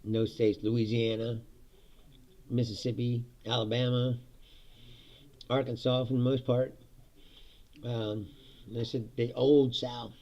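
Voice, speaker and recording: A man's voice: mid-range voice, level tone, slow pace, pauses often, dark tone, highs cut off. A man hosting a casual, profane monologue, laughing often and mocking others in silly voices. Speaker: host.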